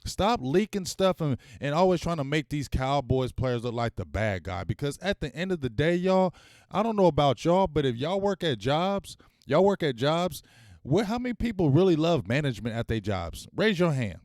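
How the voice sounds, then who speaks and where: A man with a slightly high voice hosts a sports talk livestream at a normal speed, animated and full of casual slang as he speaks straight to his viewers. There's no room sound, just clean studio audio.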